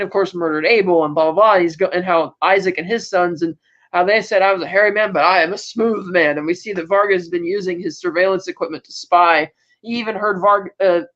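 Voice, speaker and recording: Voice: medium pitch, fairly bright tone, dull audio. A podcast co-host in a casual, rambling recap of a TV episode, acting out the characters' lines in quoted voices. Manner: rambling with frequent fillers and self-corrections.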